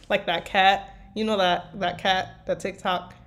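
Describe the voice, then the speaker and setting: Speaking slowly in a steady, mid-range voice, a weary fanfiction writer chats casually about her writing. She meanders a lot, packing her talk with fillers.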